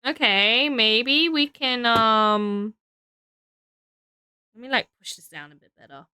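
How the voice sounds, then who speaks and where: A woman's voice: on the high side, slow pace, sharp tone, clear, resonant tone, no echo. A young Australian woman streaming casually, tired and rambling as she thinks aloud while building.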